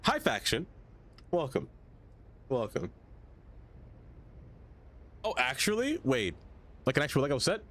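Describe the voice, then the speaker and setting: A man streams a city-building game, rambling casually and chatting with viewers, easily sidetracked by chat. His voice is fairly high and sharp, with huge pitch swings, and he talks a little fast.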